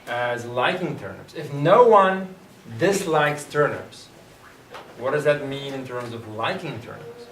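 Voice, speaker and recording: A teacher lectures his class at an unhurried pace, thinking aloud and stopping to pose questions to students. His medium-pitched voice is a bit bright, picked up by a distant mic in an echoey room with clear background noise.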